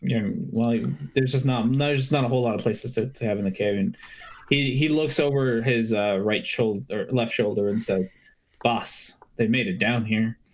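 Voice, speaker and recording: A man running a tabletop game as game master, talking haltingly with many fillers over an online call. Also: medium pitch, a little mellow.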